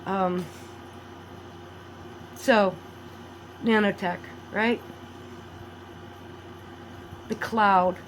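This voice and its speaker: A woman's voice: drawn-out words, pauses often, low-quality recording. Rambling woman with faint background hiss. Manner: rambling, animated, swings between loud outbursts and low mutters. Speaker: vlogger. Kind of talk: rambling conspiracy monologue.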